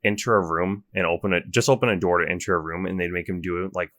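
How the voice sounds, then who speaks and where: A man's voice: low-pitched, steady tone, fast, fairly bright tone. A young man co-hosting a podcast in casual chat, talkative, often trailing off and restarting his sentences. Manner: chatty, trails off and restarts, self-described gamer. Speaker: podcast co-host.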